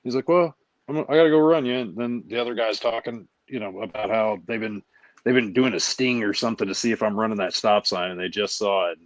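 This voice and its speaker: A man hosting a casual talk show, telling stories in an animated, profane way and acting out quotes. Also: lowish voice, fairly quick, no echo. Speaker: show host. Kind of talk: casual chat. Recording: dull lo-fi sound, dry.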